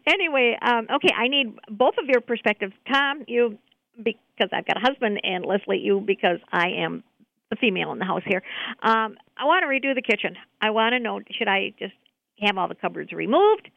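A woman's voice: mid-range voice, expressive, fairly quick, gravelly, no echo, lo-fi sound. A woman from Indiana calling into a radio show, out of breath and giggling as she asks her question. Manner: giggly, chatty. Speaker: caller.

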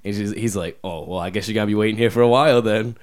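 A young man with a slightly low voice tells a story from his retail job in loose, rambling casual chat. He leans hard on filler words and restarts his sentences as he goes. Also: fast talker, over a noisy crowd. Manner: rambling, heavy use of "like", restarts.

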